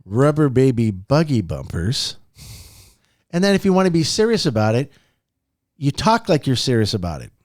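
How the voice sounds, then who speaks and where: Recorded dry with studio quality, this motivational podcast host talks at a moderate pace. His storytelling is animated, with his pitch swooping for emphasis and frequent laughter.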